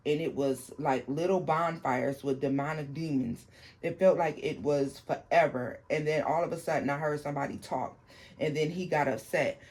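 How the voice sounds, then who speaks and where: A host reads out a viewer's paranormal account in a halting way, often restarting sentences and breaking off to explain them to the audience. The voice sits at a middle pitch. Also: a little mellow. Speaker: tarot channel host. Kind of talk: reading a viewer's paranormal story aloud.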